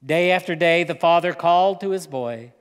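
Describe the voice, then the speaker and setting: A man preaching, telling a story in a slow, dramatic way with pauses. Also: a little high, clean tone. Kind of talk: sermon storytelling. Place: church hall. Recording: long hall reverb.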